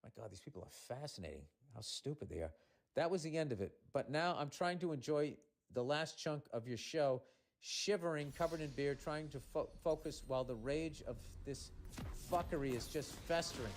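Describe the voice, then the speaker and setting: A man's voice: on the high side, lively intonation, normal speed. Sarcastic, profane male podcast host. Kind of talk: reading a listener letter aloud with mocking asides.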